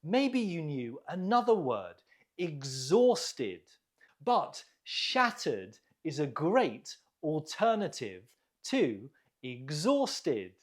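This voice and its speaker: Very slow, lively-pitched English teacher. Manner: slow, deliberate drilling with encouraging praise. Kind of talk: online vocabulary lesson.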